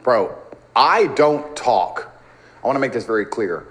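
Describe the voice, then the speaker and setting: Brash, lively-voiced man bragging. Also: medium pitch, measured pace. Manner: brash, boastful, emphatic, laughs often. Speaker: podcast guest. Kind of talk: casual interview talk.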